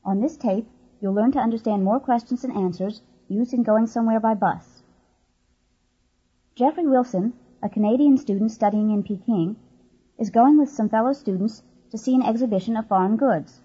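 A woman narrating a language course tape, explaining words and grammar in clear, measured scripted narration. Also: a little high, dark tone, muffled recording.

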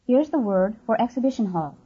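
Husky, mellow woman narrating a language course. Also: fairly high pitch, expressive. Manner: clear, measured explaining. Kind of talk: scripted instructional narration. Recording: dull lo-fi course tape.

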